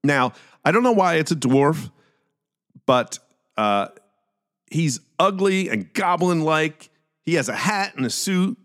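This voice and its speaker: A man's voice: on the high side, expressive, slow, long pauses, a bit bright. A man with a Philadelphia accent hosting a casual solo podcast, chatty and jokey with self-deprecating asides. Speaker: podcast host.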